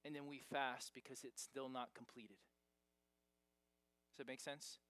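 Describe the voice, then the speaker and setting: This man's medium-pitched voice has a flat, unhurried delivery as he preaches as pastor, talking conversationally yet emphatically and climbing to loud stresses on key points. The recording is dry.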